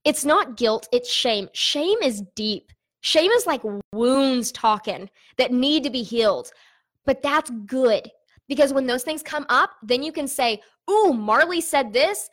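Chatty high-voiced young woman vlogging. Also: lively intonation, a little slow, a bit bright. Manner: candid and chatty, with many fillers. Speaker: online business owner. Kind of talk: casual vlog talk.

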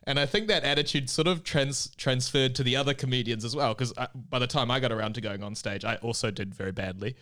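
A young man co-hosting a casual podcast, recounting events in a relaxed, dry way. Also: mid-range voice, quick pace, few pauses. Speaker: podcast co-host.

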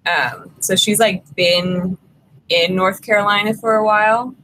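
Bright-voiced wry woman player. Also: medium pitch, steady tone, measured pace, rough recording.

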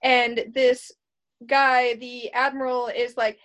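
A woman with a high voice recaps a show episode in relaxed conversation. She talks in an animated way and slips into quick impressions of the characters as she retells scenes. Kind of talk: casual chat recapping an episode.

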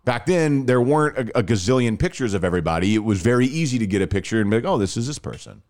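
Man, casual podcast chat, storytelling, mid pitch. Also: fast. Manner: animated storytelling, frequent restarts and "man".

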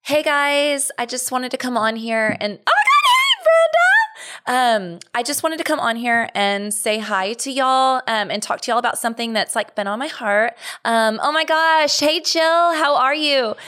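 A woman voicing a gushing woman who hosts a social media live video and keeps breaking off to greet viewers, in a high, bubbly, distracted voice. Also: sing-song, normal speed, sharp tone, heavily acted.

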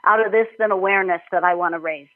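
A middle-aged woman from Minnesota, an author being interviewed on a podcast, talking warmly and enthusiastically with frequent laughter. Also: lowish voice, fast. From Minnesota, United States. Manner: warm, enthusiastic, laughs often. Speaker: author and nutrition guest. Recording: tinny phone-like line.

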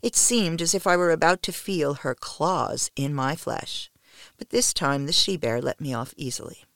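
An audiobook narrator reading a first-person novel in a measured, expressive way, dropping low at the ends of sentences. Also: dry recording, studio quality.

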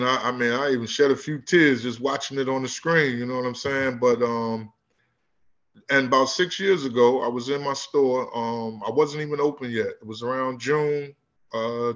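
A man from Newark, a high school basketball coach, telling stories casually in an interview and acting out the voices he quotes. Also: highs cut off. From Newark, New Jersey. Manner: animated storyteller who acts out quoted voices.

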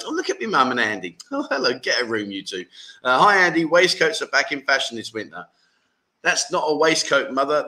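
Chatty bright-voiced man host. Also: medium pitch. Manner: chatty, jokey, teasing. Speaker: livestream host. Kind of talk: casual livestream chat reading comments.

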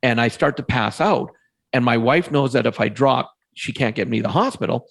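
A man in his fifties, a podcast guest, telling a personal story in a lively way and acting out the voices of the people in it. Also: mid-range voice, brisk, vocal fry, slightly rough. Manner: animated storyteller, acts out quoted voices.

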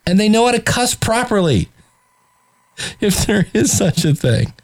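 A man's voice: high-pitched, big pitch swings, a little slow. Exasperated man critiquing clips. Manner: exasperated, sardonic, stammering restarts. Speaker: host reviewing a podcast. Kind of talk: critical commentary over played clips.

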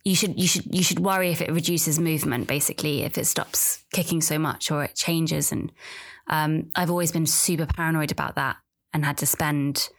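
A woman's voice: low-pitched, fairly even intonation, moderate pace. A woman, chatting casually and candidly on her own, often trailing off and restarting. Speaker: podcast host. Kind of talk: casual solo chat about pregnancy and birth.

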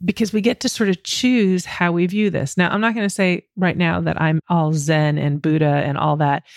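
Candid woman podcast host, gravelly edge. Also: fairly low pitch, steady tone, moderate pace, darkish tone, no room sound, studio quality. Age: middle-aged. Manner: candid, self-deprecating, laughs often. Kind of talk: solo podcast, coaching monologue.

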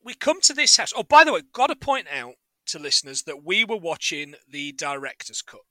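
Bright-voiced, chatty man. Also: fairly high pitch, big pitch swings, fairly quick, no echo. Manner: chatty, laughs often, swears casually. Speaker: podcast co-host. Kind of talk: casual film podcast chat.

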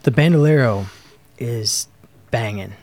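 A man talking in a relaxed, rambling way in a casual chat, full of fillers. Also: medium pitch, measured pace, dry recording. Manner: laid-back, rambling with lots of fillers.

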